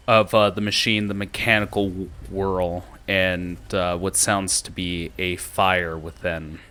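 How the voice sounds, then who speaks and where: A man narrating a tabletop game as game master, describing scenes at a relaxed pace with frequent filler pauses. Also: deep voice, clear, resonant tone.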